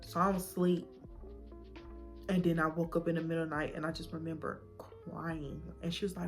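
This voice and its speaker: A young woman vlogger telling her own story in a casual, animated way, acting out what people said. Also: fairly low pitch, moderate pace, soft background music. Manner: casual and animated, acts out voices in quotes. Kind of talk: emotional personal storytelling.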